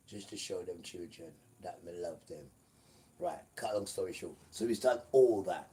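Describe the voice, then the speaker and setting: A man preaching on a livestream in a repetitive, emphatic way, often asking the viewers "right?" and breaking into loud bursts. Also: deep voice, lively intonation, moderate pace, distant mic, a little hiss or hum, rough recording.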